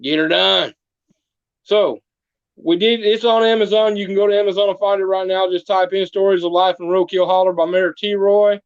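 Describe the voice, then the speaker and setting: A man with a clean, high-pitched voice and fairly even intonation speaks at normal speed, with no echo and dull audio. He plays a small-town mayor who tells comic tall tales in a podcast interview, folksy in style and doing voices for his characters.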